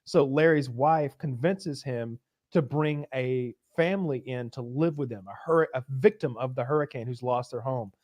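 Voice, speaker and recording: A man's voice: mid-range voice, moderate pace, hardly any pauses, dry recording. A man co-hosting a casual podcast, telling stories with lots of swearing and acting out scenes in big voices between laughs. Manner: animated storyteller who acts out scenes loudly, laughing often. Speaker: podcast co-host.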